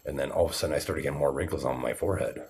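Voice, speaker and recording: A man's voice: a bass voice, racing, gravelly, background noise. A man in his forties talking to camera in an agitated, rambling, profane monologue. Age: 40s.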